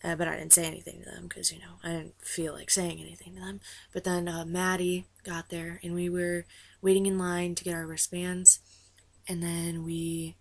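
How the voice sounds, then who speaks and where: Woman vlogging, kinda low voice, rambly and excited, says like a lot. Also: normal speed, vocal fry. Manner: rambling, heavy use of "like" and "uh"; excitable, gushing. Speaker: vlogger recounting a concert meet-and-greet. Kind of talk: casual storytelling to camera.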